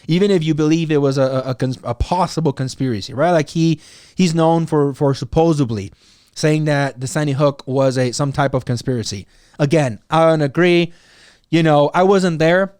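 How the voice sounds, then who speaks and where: A man's voice: a little high, a little mellow, no echo. Rambling male podcaster, dry close sound. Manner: rambling, filler-heavy, frequent "right?" and "you know". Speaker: podcast host. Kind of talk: casual solo commentary.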